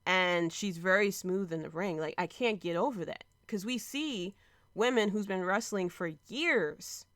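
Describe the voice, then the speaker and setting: A woman's voice: medium pitch, unhurried, a bit bright, no room sound. A woman in her thirties hosting a casual podcast, recapping a show in an emotional, rambling way with lots of fillers. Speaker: podcast host. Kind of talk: casual wrestling podcast chat.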